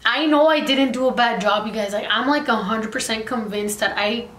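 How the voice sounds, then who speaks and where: A young woman, a makeup artist and beauty vlogger, tells a chatty, animated storytime packed with "like" fillers. Her voice is a little high and her pace normal, recorded in an echoey room with a bit of hiss or hum.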